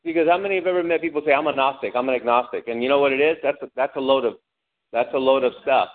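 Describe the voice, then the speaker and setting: A man preaching a sermon with lively delivery, asking the congregation questions and acting out angry cries. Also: medium pitch, rapid-fire. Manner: animated preaching, calls out to the congregation, acts out angry shouts. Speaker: pastor. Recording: tinny phone-like lo-fi sound.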